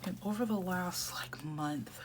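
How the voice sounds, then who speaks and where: A woman in her thirties with a lowish voice, talking in a soft, half-whispered way as she chats through her journaling. She rambles easily with plenty of filler words. A steady hiss of background noise sits under the recording. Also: unhurried. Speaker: planner vlogger. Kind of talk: casual chat while journaling.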